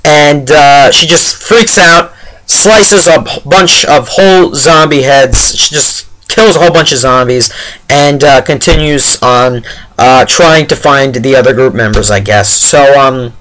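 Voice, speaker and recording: A man's voice: medium pitch, a little slow, a bit bright, rough recording. A man giving a casual, rambling spoiler review of a TV episode, full of fillers and exasperated asides.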